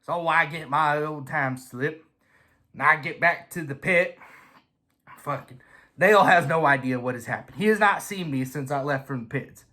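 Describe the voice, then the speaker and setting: A man telling a casual, swear-filled story in an animated way. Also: fairly high pitch, moderate pace. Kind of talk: casual anecdote.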